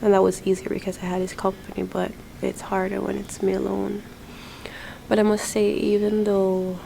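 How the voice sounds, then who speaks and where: A woman's voice: on the low side, gravelly, mellow, slight background noise, rough recording. A woman from Jamaica talking casually to her camera in an airport terminal, chatty and full of fillers. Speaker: vlogger.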